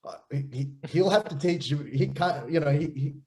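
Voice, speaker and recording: Man, Australian accent, thirties, pastor, casual podcast chat, animated storyteller. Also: fairly high pitch, normal speed. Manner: animated storyteller, repeats and restarts words.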